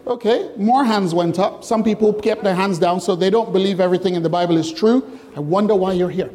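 Male pastor, high voice, chatty, jokey, interactive sermon, quizzing the congregation. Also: fairly quick, dark tone. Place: church hall with congregation.

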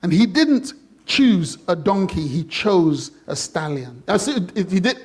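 A man with a high voice preaching in a church. He is animated and full of jokes, and slips into playful voices to act out the people in his story. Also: unhurried, breathy edge. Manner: animated and jokey, acting out quoted voices. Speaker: pastor. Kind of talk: sermon.

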